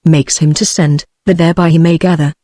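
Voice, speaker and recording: A text-to-speech woman's voice with a British English accent reads the lines of a proud, wary queen in a flat, even manner. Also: low-pitched, fairly quick, no echo, clean studio sound. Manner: flat, even synthetic reading.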